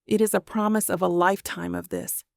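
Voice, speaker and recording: A woman narrating a first-person romance audiobook in an intimate, steady way into a close mic. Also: lowish voice, a little fast, gravelly, no room sound.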